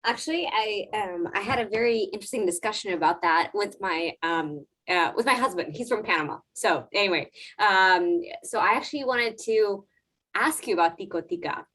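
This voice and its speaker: A woman's voice: medium pitch, normal speed, fairly bright tone. A woman on a video call asking a question hesitantly, with many fillers.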